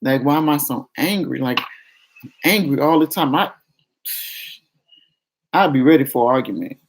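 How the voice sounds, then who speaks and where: A woman telling a personal story to her viewers in a casual chat, acting out the quoted voices by pitching up. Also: moderate pace, a little hiss or hum. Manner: animated, acts out quoted voices with raised pitch. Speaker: vlogger.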